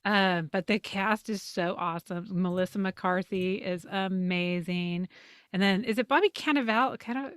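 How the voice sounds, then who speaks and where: A woman's voice: medium pitch, moderate pace, clear, resonant tone, no room sound. A woman co-hosting a podcast in casual chat, laughing often and correcting herself as she goes. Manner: chatty, laughing, self-correcting. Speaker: podcast co-host.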